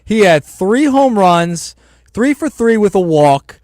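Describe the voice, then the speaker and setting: Producer on sports radio, a bit high, lots of up and down, dry sound. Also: male voice, very animated, a little mellow, no echo. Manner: chimes in with quick stats and jokes. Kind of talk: casual radio chat.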